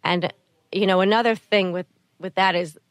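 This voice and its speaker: Earnest soft-spoken middle-aged woman. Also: on the low side, fairly even intonation, normal speed, no room sound. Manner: soft, earnest, repeats phrases. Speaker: guest, mother of a sick child. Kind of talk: interview conversation.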